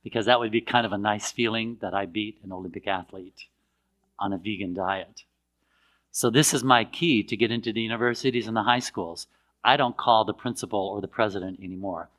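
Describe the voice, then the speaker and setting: An older American man telling a personal story in a casual, lively way, acting out the voices of other people. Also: lowish voice, brisk. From United States. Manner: animated, acts out voices of others in his anecdotes.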